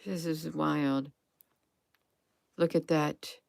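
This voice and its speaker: A tired woman rambling through conspiracy commentary over images, hesitant and full of restarts, sometimes dropping to a hush and then rising in emphatic bursts. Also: sits low, flat delivery, very slow, gravelly, clean tone, dry recording, studio quality. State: tired, drained.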